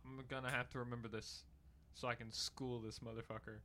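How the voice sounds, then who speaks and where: Young man, casual chat, goofy, jokey, bright voice. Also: mid-range voice, little pitch movement, fairly quick. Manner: joking, goofy, laughs often.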